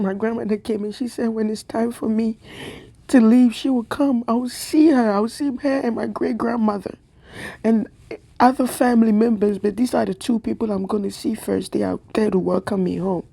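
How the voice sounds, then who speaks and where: A woman's voice: medium pitch, vocal fry, mellow. Impassioned tearful woman vlogger. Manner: impassioned, repetitive, preacher-like. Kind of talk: emotional spiritual monologue.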